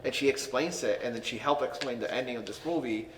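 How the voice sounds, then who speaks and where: A man who is a guest on a podcast, telling a school story in a relaxed, rambling way. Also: medium pitch, fast talker, reverberant, big-room sound, recorded from a distance, slight background noise, rough recording. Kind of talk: casual storytelling.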